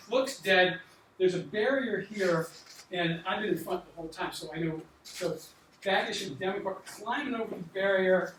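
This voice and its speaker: An older man with a fairly high voice tells stories to a student audience and acts out each exchange with lively energy. He is recorded from a distance in an echoey lecture hall, with faint noise behind him. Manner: animated, acts out dialogue. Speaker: doctor giving a talk to students. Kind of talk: storytelling talk.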